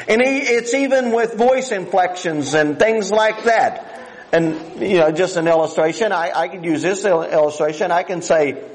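Older preacher with a high voice. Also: male voice, low-quality recording. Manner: folksy, rambling, with restarts and plain country grammar. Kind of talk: sermon.

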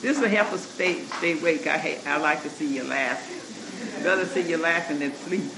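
A man's voice: on the high side, normal speed. A man preaching a sermon, reading scripture and calling out to the congregation, laughing as he goes. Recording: echoey church room recording with noise.

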